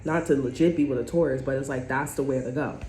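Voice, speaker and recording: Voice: mid-range voice, fairly even intonation, fast, a little mellow, soft background music. A tarot reader talking straight to viewers in a blunt, chatty, profane way. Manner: direct address to viewers. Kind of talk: casual tarot reading monologue. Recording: echoey room.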